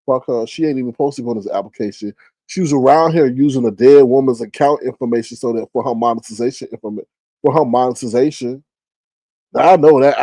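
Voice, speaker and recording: A man hosting a casual livestream, telling stories in a gossipy, profane way with big jumps in pitch. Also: darkish tone, no echo. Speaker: livestream host. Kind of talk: casual livestream chat and storytelling.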